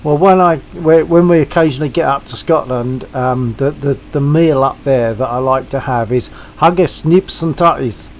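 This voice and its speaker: A man's voice: mid-range voice, moderate pace, hardly any pauses, a little hiss or hum, rough recording. An older English man hosting a casual game stream, chatting and reminiscing with a laugh. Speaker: stream host. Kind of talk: casual gaming chat.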